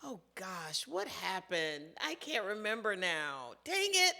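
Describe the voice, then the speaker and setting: A woman's voice: mid-range voice, slow pace, creaky. A middle-aged woman co-hosting a casual podcast chat, telling stories with lots of laughter. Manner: animated, laughing storyteller. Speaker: co-host.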